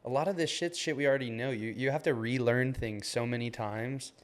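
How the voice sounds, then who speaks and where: Speaking a little fast at medium pitch, a twenty-something man co-hosts a podcast. The conversation is casual, and he rambles loosely, leaning hard on "like" and "man."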